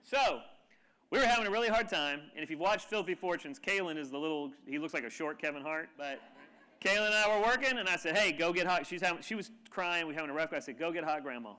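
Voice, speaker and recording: Bright-voiced man telling a funny story. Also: a little high, fast, smooth. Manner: animated, humorous storyteller. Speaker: keynote speaker. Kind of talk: storytelling talk to a live audience. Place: lecture room with audience.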